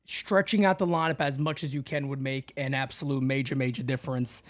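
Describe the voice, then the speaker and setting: A man's voice: mid-range voice, fairly even intonation, brisk. A man from the Bronx with a Bronx New York accent, co-hosting a fan talk show in casual chat, brash and swearing freely.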